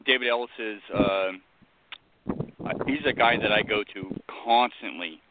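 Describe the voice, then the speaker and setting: A man's voice: lowish voice, a little slow, background noise. A man co-hosting a casual radio show, talking enthusiastically with lots of fillers and restarts. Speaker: co-host. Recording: tinny phone-like sound.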